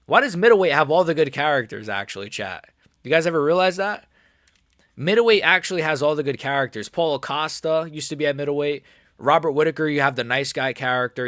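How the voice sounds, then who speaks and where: A young man chatting casually during a live stream, excitable and rambling, and he keeps repeating how nervous he is. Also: a little high, fast, no room sound, studio quality. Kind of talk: live watch-along chat.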